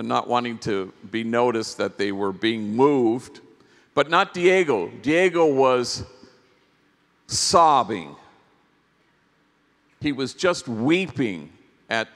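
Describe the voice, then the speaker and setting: A priest giving a workshop talk at a conference, telling stories in a gentle, reflective way with pauses. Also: male voice, mid-range voice. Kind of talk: storytelling keynote talk. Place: large conference hall. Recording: long hall reverb.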